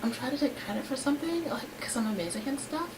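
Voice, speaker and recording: Girl doing a bubbly bragging flower creature host, bouncy lively voice, hiss behind. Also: high-pitched, fast talker. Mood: perky. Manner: chirpy, gushing, boastful. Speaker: show host.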